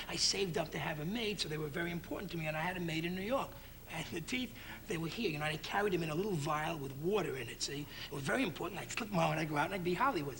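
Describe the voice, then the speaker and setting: A man on a talk show telling a comic story, animated and often adding "see?", with an audience laughing behind him. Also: on the high side. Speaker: comedian guest. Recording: crowd noise from 1960s TV. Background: studio audience laughing.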